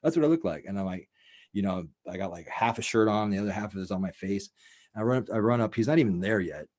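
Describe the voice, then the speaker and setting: A man's voice: lowish voice, expressive, fast, a little mellow. Profane rambling man telling a story. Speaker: podcast host. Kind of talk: casual storytelling chat.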